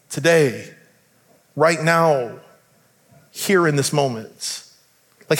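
A man with a high voice preaches to his congregation, talking to them conversationally and putting questions straight to them. His voice rings with the long reverb of a church hall. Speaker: pastor. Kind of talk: sermon.

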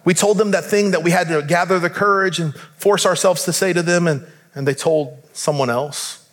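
High-voiced pastor preaching in a hall. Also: male voice, fairly even intonation, moderate pace. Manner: conversational, asks the congregation direct questions. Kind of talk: sermon.

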